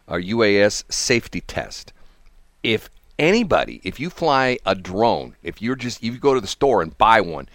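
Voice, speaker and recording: A man's voice: on the low side, dry recording, studio quality. A man hosting a radio morning show, chatting casually and rambling, with frequent laughs. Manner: animated, rambling, laughs often. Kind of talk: casual on-air chat.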